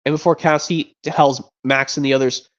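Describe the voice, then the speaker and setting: A streamer chatting casually between voice impressions, rambling and excitable, with some mild cursing. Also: medium pitch, normal speed, muffled recording.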